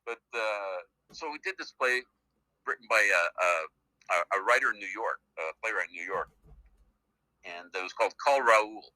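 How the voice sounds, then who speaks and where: Canadian male actor, middle-aged, phone guest; chatty rambler, low-pitched, very bright and tense. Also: moderate pace, no echo, rough recording. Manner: chatty, rambling storyteller with many fillers. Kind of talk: casual phone interview. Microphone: phone call.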